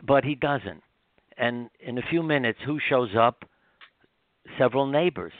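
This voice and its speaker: An older man, a guest author, telling heartfelt stories in an animated, rambling way with many restarts, heard over a phone line. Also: mid-range voice, a little slow, no room sound. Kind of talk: storytelling interview.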